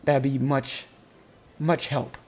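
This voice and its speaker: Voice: mid-range voice, flat delivery, slow pace, a little mellow, husky. A game master voicing a small, busy female Harvin clerk who talks politely with many fillers. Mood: hurried. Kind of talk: tabletop game role-play.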